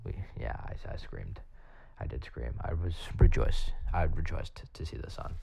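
A young man hosting a podcast, rambling and halting with lots of fillers. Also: a bass voice, very animated, gravelly, a little mellow, slightly rough. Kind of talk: casual monologue answering questions. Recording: dull lo-fi sound.

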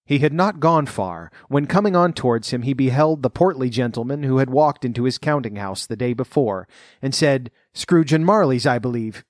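A man narrating a storybook, reading in an expressive, lively way. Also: mid-range voice, moderate pace, no room sound, studio quality.

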